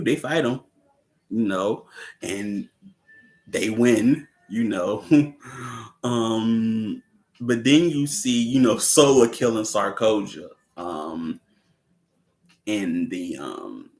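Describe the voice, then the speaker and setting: Slow gravelly man rambling about a movie. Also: lowish voice, fairly bright tone. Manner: rambling, repeats "you know what I'm saying", chuckles often. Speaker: host. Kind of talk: casual movie commentary.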